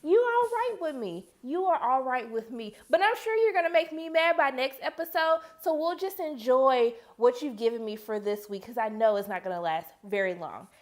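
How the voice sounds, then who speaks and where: Lively high-voiced woman reviewing TV. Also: normal speed, hardly any pauses. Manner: animated, talks straight to the viewers and the characters; quotes characters with sudden high-pitched outbursts. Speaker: TV episode reviewer. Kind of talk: casual vlog review.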